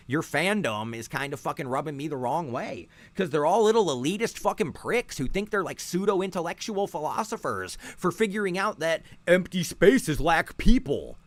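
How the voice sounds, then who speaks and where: Profane ranting man, lively voice. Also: fairly high pitch, dry recording. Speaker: podcast host. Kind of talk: casual ranting commentary.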